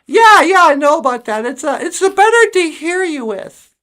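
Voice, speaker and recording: A woman's voice: high voice, sing-song, normal speed, bright, forceful tone, heavily acted. A woman voicing a sly, hungry male big bad wolf in a storybook tale, talking in a casual, drawling way. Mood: offhand.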